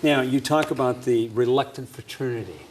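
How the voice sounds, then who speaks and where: This is a man conducting an interview. His voice sits at a middle pitch. He adds short, affirming comments while the guest talks. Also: normal speed, slight background noise.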